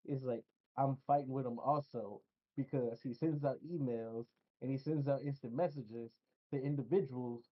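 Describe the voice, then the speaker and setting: Streamer, male, casual profane storyteller; slightly hoarse, muffled low-fi recording. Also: steady tone, normal speed. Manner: profane, storytelling, laughs often. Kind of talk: casual chat.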